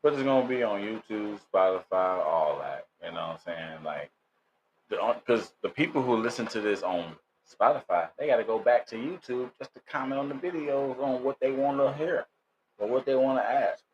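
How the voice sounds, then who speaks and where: A man's voice: medium pitch, expressive, moderate pace, highs cut off, a little hiss or hum. A confident young man co-hosting a podcast in casual chat, speaking close into the mic. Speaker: podcast co-host.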